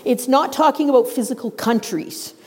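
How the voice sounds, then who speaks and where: A middle-aged woman preaching a sermon in a church, telling the story in a lively way and acting out the characters' voices. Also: high-pitched, moderate pace. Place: church sanctuary. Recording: long reverb of a large hall.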